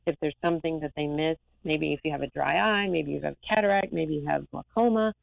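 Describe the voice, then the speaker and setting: A woman eye doctor talking as a guest in a lively, rambling, emphatic way. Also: deep voice, a little fast, creaky, no room sound, muffled recording. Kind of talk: casual interview talk.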